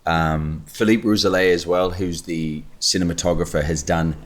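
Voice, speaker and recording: Deep-voiced man telling a story. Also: moderate pace. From Australia. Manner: animated storytelling, quoting others. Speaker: guest actor. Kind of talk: casual chat.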